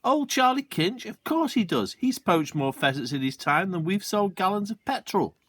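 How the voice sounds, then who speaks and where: Storybook role: a steady, quietly proud father, lively in tone, read by a man. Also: high voice, moderate pace, dry recording, voice pushed up, heavily acted. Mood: assured. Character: proud grown man, the boy's father, a poacher.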